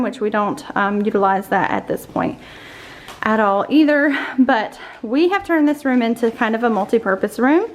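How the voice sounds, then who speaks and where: Winded woman giving a home tour. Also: fairly high pitch. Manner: chatty, warm-hearted tour guide walking through the room. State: winded, out of breath. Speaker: homeschooling mom vlogger. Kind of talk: casual room-tour vlog. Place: indoor room in a family home.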